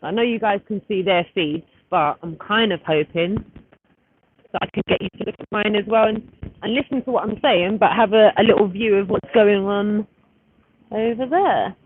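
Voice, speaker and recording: A woman's voice: medium pitch, normal speed. Chatty woman on a tinny phone stream. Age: 30s. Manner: chatty, rambling, often breaking off to fiddle with the phone. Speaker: livestreamer. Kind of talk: casual live-stream chat. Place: outdoors at a street gathering. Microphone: phone camera. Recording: tinny phone-like audio with faint noise.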